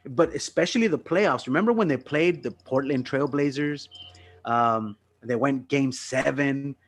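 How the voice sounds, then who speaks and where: Man, mid pitch, excitable, swears a lot, casual podcast chat. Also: measured pace. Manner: excitable, profane anecdote teller. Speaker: podcast host.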